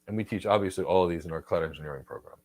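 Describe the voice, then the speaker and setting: A man's voice: low voice, racing, a little mellow, dry recording. A man hosting a live career Q&A, answering viewer questions in a blunt, emphatic and repetitive way. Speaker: host, career trainer.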